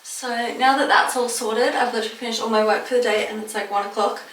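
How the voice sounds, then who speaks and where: Chatty higher-voiced woman vlogger. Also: steady tone, fast talker, a bit bright, slight background noise. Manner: chatty and rambling, loses her train of thought. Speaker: small business vlogger. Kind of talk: casual vlog chat to camera. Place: at home.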